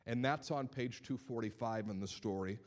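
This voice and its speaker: A male pastor preaching a sermon, telling stories in an animated way and repeating words as he builds his points. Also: medium pitch, normal speed.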